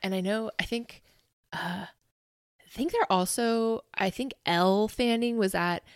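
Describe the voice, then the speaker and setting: A woman co-hosting a podcast, chatting quickly and gossiping with questions for her co-host. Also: mid-range voice, smooth, no echo, studio quality. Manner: quick gossipy chat, asks follow-up questions. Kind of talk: casual chat.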